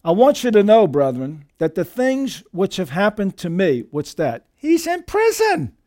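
A man preaching a sermon as pastor, emphatic and lively, often calling his listeners dear friends. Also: normal speed. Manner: emphatic preaching with lively shifts in pitch and volume.

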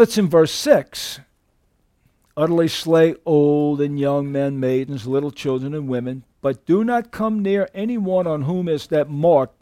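A man preaching a sermon in a high, fairly light voice. He drives his points home with emphatic swells that climb sharply in pitch. The recording is dry and close, with little room sound. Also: a little mellow, no echo. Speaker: pastor.

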